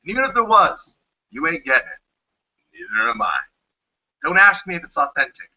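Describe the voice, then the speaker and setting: This spoken word piece comes from an American poet with a New Jersey accent, whose high voice has a piercing brightness. He moves at a moderate pace in a sing-song, punchy, sardonic way, dropping plenty of profanity. It's captured on a dull, lo-fi livestream.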